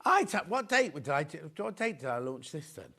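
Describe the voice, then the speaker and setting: Chatty man, lively high voice. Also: moderate pace. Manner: chatty, rambling, full of anecdotes. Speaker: shopping channel presenter. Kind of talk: live TV shopping presentation.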